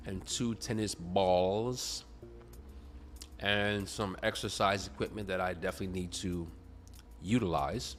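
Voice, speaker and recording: A man's voice: low-pitched, a bit bright. A sleepy man talking casually about tennis to his viewers, rambling and correcting himself as he goes. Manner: rambling, self-correcting, chatty. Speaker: tennis video creator. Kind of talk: casual tennis talk to camera.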